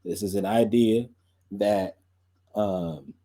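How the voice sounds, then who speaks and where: A man's voice: lowish voice, slow pace, dark tone. A young man hosting a podcast and stream, chatting loosely with lots of fillers and laughs. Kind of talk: casual rambling chat.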